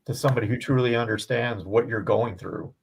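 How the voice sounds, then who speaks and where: A man co-hosting a live-stream show, wrapping up casually in a relaxed, rambling way full of fillers like "you know". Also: medium pitch, a little fast, gravelly, husky. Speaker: show co-host.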